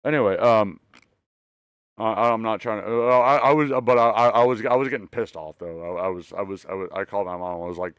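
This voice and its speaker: A man's voice: lowish voice, brisk, fairly bright tone, clear, resonant tone, dry recording, studio quality. A man chatting casually as a stream host, rambling and swearing with many stammered restarts. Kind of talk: casual chat.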